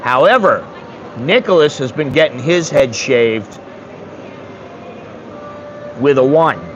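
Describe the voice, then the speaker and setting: A man's voice: mid-range voice, expressive, slow pace, a bit bright, highs cut off, a little hiss or hum. A man in his sixties from the United States, rambling bluntly and with some swearing in a casual livestream chat. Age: 60s. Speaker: streamer.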